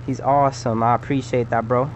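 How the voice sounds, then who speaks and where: A male game streamer cheerfully thanking viewers and giving shout-outs. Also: medium pitch, level tone, brisk, slight background noise. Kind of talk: live-stream commentary.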